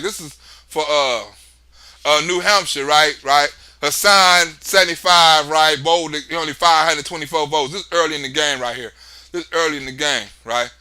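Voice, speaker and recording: A man riffing on a casual political livestream in a loud, excitable, profane way. His voice sits high and sounds sharp and very bright. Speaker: livestream host.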